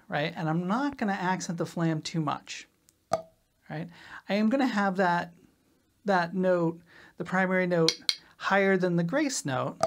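A woman drum teacher explaining rudiments in a relaxed, casual way, often checking in with "right?". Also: fairly low pitch. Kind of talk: casual instructional talk.

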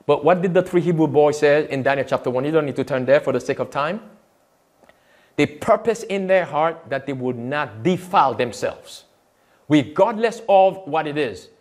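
A man's voice: a little high, expressive, normal speed, darkish tone. A man, a pastor, giving emphatic sermon-style commentary on video clips, repeating quotes and firing rhetorical questions.

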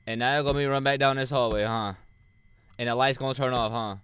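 A man commentating a horror game, swinging between mumbled slangy banter and loud frightened shouts. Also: mid-range voice, steady tone, fast, a little hiss or hum. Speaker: gamer playing a horror game. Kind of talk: let's play commentary.

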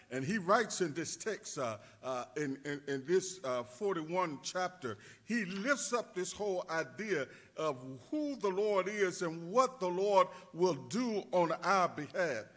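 A high-pitched, husky man preaches a sermon with a rhythmic cadence. His voice swings widely in pitch and rises to shouts at the peaks. The tone is bright and forceful. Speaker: pastor.

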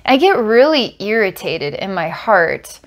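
Give me a slow, unhurried woman giving an energy healing reading. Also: medium pitch, sing-song. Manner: slow, searching, descriptive. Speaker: psychic healer.

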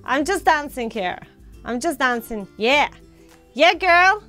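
High-voiced woman with a scratchy throat. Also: takes it slowly, faint music behind. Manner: excitable, squealing exclamations. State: scratchy throat, coming down with a cold. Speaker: gaming channel host. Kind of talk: casual let's-play chat.

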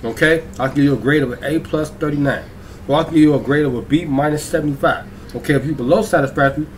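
A man's voice: fairly high pitch, slight background noise. Chatty male reaction-video host. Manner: chatty, keeps checking in with viewers. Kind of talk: casual reaction commentary.

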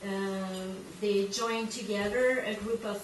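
A woman's voice: mid-range voice, steady tone, slow. A woman from Quebec with a French Canadian accent and French as her first language, giving an informal presentation and sometimes searching for English words. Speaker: guest presenter. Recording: echoey room from far off, background noise.

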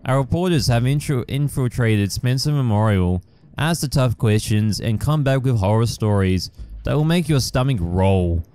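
A man putting on the voice of a stiff male TV news reporter, reading slowly in a mock announcer delivery. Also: medium pitch, lively intonation, mellow, smooth, no echo, natural voice. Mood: mock-formal.

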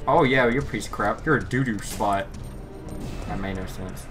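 A man giving let's play commentary, excitable, yelping and shouting at the game with mild swearing. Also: lowish voice, normal speed. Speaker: gamer. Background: faint music.

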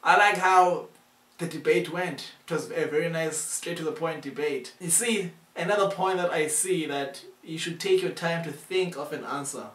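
A young man chats enthusiastically while hosting a reaction video. His voice sits fairly high. He is heard from away from the mic in an echoey room. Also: moderate pace, fairly bright tone, recorded from a distance. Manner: enthusiastic, chatty. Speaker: reaction video host, student. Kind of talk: casual reaction commentary.

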